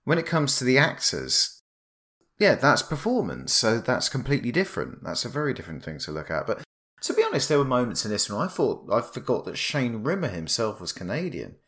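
A man from Britain co-hosting a podcast, opinionated and lively in casual chat. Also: medium pitch, fairly quick. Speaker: podcast co-host.

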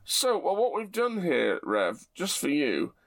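A middle-aged man, chatting in a measured, gently wry way as a co-host. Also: fairly high pitch, wildly swooping pitch, gravelly, slight background noise. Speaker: podcast co-host. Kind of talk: casual chat.

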